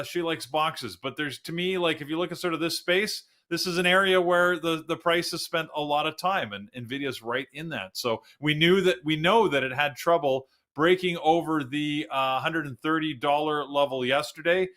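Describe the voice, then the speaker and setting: A man's voice: a little high, bright, forceful tone. A middle-aged Canadian man hosting a live trading show, chatting casually and walking through charts step by step. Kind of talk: live-stream market chat.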